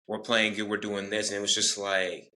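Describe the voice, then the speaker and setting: A man's voice: fairly low pitch, monotone, normal speed, pushed and bright. A young man from Texas, an interview guest telling his story earnestly and rambling, acting out what others said. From Texas, United States. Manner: earnest, rambling, acts out quoted dialogue.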